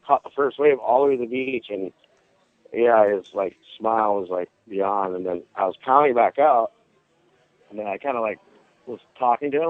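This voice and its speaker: Phoning in as a guest, this surf instructor chats casually through a surfing tale, voicing each character with lively flair. He speaks at a normal speed with a fairly low pitch, with no echo on the dry, tinny phone line.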